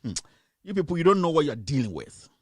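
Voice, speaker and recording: The speaker is a Ghanaian radio host streaming from his US home, offering heated, impassioned news commentary and saying things over and over. His slightly high, husky voice is sing-song and quick, captured in a dry recording with clean studio sound.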